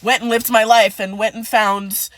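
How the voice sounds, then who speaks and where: Animated woman telling a messy story. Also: fairly high pitch, moderate pace, no echo. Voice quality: dramatic, swears, acts out quotes. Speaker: storyteller in a clip.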